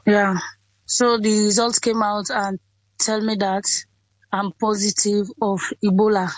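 A woman in her twenties with a Sierra Leonean accent, telling her story in an interview in simple, halting sentences that often repeat. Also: mid-range voice, flat delivery, no room sound, low-quality recording. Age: 20s. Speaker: interviewee, Ebola survivor. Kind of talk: interview over a phone or call.

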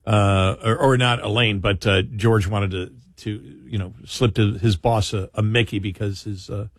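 A man's voice: on the low side, fairly even intonation, moderate pace, no echo, clean studio sound. Stammering male talk radio co-host. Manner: stammering restarts, chuckling. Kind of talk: casual talk radio banter.

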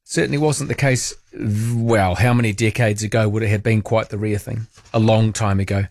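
A man's voice: fairly low pitch, fairly even intonation, moderate pace, a little mellow, no echo. Kiwi guy hosting late night talk radio, chatty and wry, dry close mic. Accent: New Zealand. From New Zealand. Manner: chatty, wry, asks listeners questions. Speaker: overnight talk radio host. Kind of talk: casual radio chat. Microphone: studio microphone.

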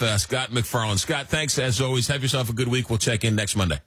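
A man hosting a radio talk show, joking and animated, repeating words as he gets going. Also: mid-range voice, fast talker, few pauses, slightly rough, dry recording. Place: radio studio.

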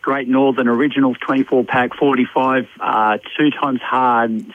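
A man's voice: medium pitch, flat delivery, moderate pace. An Australian man who manages a liquor store, chatting casually on the radio and telling a joke, easygoing and calling everyone mate. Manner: matey, easygoing, says mate a lot. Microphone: phone. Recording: dry tinny phone line.

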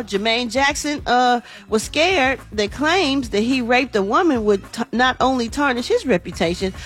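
A woman's voice: medium pitch, a bit bright. A woman hosting an entertainment news segment on a morning radio show, talking in a chatty, folksy way. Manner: chatty, folksy, says y'all and honey.

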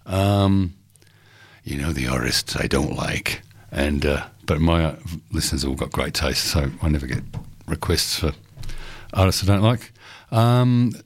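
Australian male radio host, very low voice, dry studio sound, loose rambling delivery. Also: lively intonation, unhurried, slightly rough, dry recording. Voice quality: rambling, with frequent ums and uhs. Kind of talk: live radio talk.

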